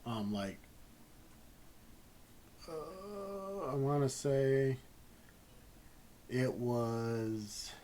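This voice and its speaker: A man telling a personal story in a casual, rambling way, halting often and swearing freely. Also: medium pitch, mellow, a little hiss or hum, rough recording. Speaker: gaming channel host.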